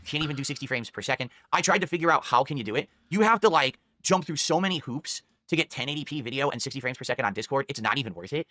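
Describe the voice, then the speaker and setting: A man in a clip from a stream, complaining rapidly in casual talk and laughing at his own jokes. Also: mid-range voice, animated, pushed and bright.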